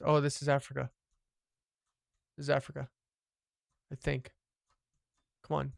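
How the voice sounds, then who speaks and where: A man streaming live gameplay, commenting as he plays, boastful and profane, swinging from loud excitement to low muttering. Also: unhurried, vocal fry, pauses often, no echo, clean studio sound.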